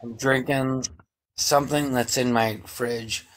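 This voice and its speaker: A man's voice: medium pitch, steady tone, takes it slowly, slight background noise. A tipsy man rambling and apologizing as a guest on a live chat stream. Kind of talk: casual chat.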